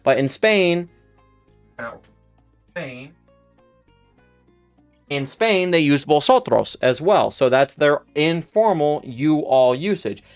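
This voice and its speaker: A man teaches Spanish on a live stream, in a smooth, clear voice. He speaks casually and unscripted, with fillers and quick restarts while he writes conjugations on a board. Faint music plays underneath. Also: a little high, expressive, no echo. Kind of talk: live-streamed language lesson.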